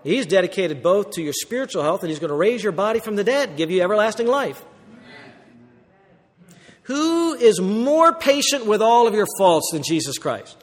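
Male pastor, higher voice, animated sermon with acted-out quotes, long hall reverb. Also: moderate pace. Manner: animated preaching, acting out quoted voices, rhetorical questions.

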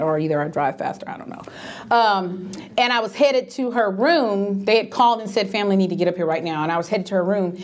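A middle-aged woman telling stories about grief and end-of-life care, emphatic and acting out the voices she quotes. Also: mid-range voice. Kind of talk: animated storytelling talk.

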